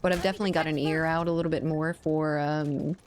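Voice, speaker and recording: A woman's voice: low voice, fairly even intonation, quick pace, a little hiss or hum. An American woman streaming a game, chatting casually with viewers, laughing often and swearing now and then. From United States. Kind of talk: casual gaming stream chat.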